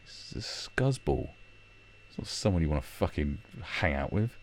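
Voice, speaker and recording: A man's voice: very deep voice, sing-song, moderate pace, a little hiss or hum. A man hosting a livestream, ranting bluntly and mockingly, with plenty of swearing. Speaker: livestream commentary host. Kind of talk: casual ranting commentary.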